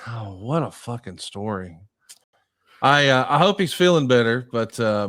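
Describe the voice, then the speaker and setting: A man's voice: medium pitch, lively intonation, a little slow, fairly bright tone. A man with a mid-range voice hosts a podcast and steers the chat toward his guest's stories. He talks loosely, stumbles into restarts and swears in passing. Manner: easygoing, stammering restarts, swears casually. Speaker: podcast host. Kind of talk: casual podcast conversation.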